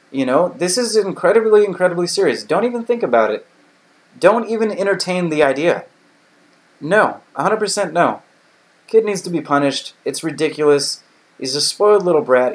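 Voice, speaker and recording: Blunt, indignant American man ranting. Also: medium pitch. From United States. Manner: indignant, blunt, swears freely, repeats himself. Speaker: live stream host. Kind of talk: casual live-stream rant. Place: home in Taiwan.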